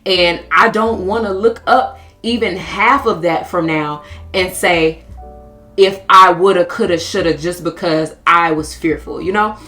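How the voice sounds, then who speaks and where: An earnest young American woman in her twenties speaks to camera in a lowish voice, open and confessional. Faint music plays underneath her talk. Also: a little slow, a bit bright. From United States. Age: 20s. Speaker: vlogger. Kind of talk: candid self-help talk to camera.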